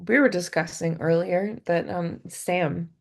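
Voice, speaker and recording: A woman with a lowish, gravelly voice talks in a slow, easygoing way. She tells her stories with animated energy and laughs often, as in a relaxed chat. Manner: giggly, animated storytelling. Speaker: podcast guest. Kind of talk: casual chat.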